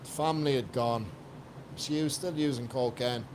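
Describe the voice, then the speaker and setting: Over some background noise, a coach from Ireland chats casually as a podcast guest, his medium-pitched voice moving at a moderate pace. He's blunt and emphatic, and he swears without holding back.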